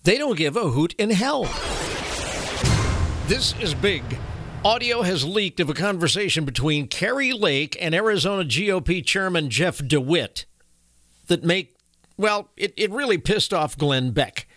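A man's voice: sits high, expressive, a little slow, fairly bright tone, no echo, clean studio sound. A man hosting an opinionated political commentary show, folksy and indignant, reading posts aloud between filler-laden asides.

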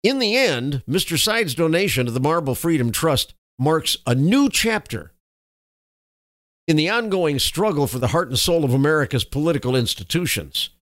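A man's voice: on the high side, big pitch swings, normal speed, fairly bright tone, no room sound, studio quality. A male talk radio host giving commentary with folksy, emphatic sign-offs.

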